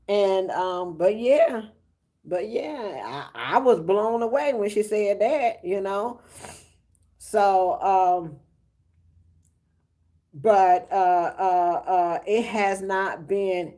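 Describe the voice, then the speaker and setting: A woman talking on a live stream in an unhurried way, stopping often to find her words. She speaks from the heart, and her voice sits at an ordinary middle pitch. Her chat with viewers is loose and informal. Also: a little mellow. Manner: halting, hesitant telling with many pauses and fillers; emotional, heartfelt storytelling. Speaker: truck driver and trucking recruiter.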